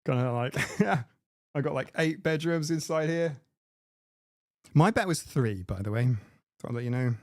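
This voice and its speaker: A man's voice: a little high, expressive, moderate pace, pauses often, no echo. Guy rambling on his stream, laughs at his own jokes, dead dry mic. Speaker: livestream host. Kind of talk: casual live stream chat. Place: home room. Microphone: desk mic with mixer.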